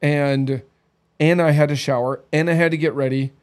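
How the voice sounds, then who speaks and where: A man in his thirties talks in an easy, candid podcast chat, on the higher side for a man. He rolls through stories with lively swings in his voice and acts out quoted lines along the way. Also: normal speed. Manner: candid, animated storytelling with acted quotes. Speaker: podcast co-host. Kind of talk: casual chat.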